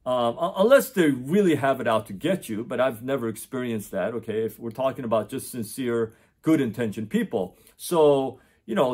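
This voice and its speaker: A man's voice: medium pitch, animated, brisk, hardly any pauses, a little mellow, breathy edge. A middle-aged man, a tutor, talking unscripted to his camera with many fillers and restarts. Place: indoors in front of his camera. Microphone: camera mic.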